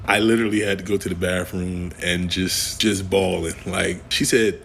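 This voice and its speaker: A man telling a personal story in a jokey, animated way. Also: sits low, moderate pace, gravelly, few pauses, slight background noise. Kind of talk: personal anecdote.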